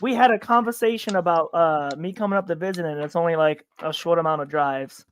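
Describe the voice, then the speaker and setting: A man's voice: on the high side, fairly even intonation, fairly quick, clear, resonant tone, no room sound. A man from upstate New York hosting a podcast in casual chat, rambling with many restarts and stammered repeats. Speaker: podcast host.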